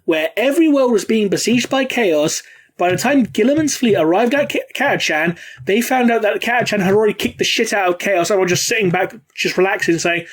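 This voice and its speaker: A man's voice: high-pitched, lively intonation, fairly quick. A man chatting casually as a podcast host, rambling with lots of fillers and swearing freely.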